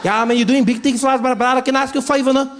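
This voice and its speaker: Eager South African young man voiced by a man, loud, high, pleading. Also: little pitch movement, very fast, a little hiss or hum.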